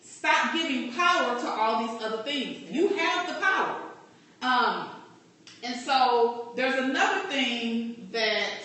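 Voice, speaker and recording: A woman's voice: a little high, slow, bright, forceful tone. A woman life coach giving a direct, encouraging motivational talk to a group. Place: meeting room. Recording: echoey room, distant from mic.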